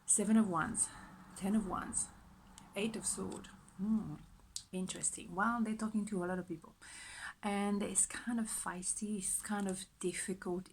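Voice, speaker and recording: A woman reads tarot cards in a soft, chatty voice and slips into whispers again and again. Her pitch sits in an ordinary middle range. A faint hiss lies under her voice. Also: fairly even intonation, measured pace, poor audio. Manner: soft-spoken, often dropping to a whisper; chatty, repetitive, self-reassuring. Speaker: tarot reader. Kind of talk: pick-a-card tarot reading.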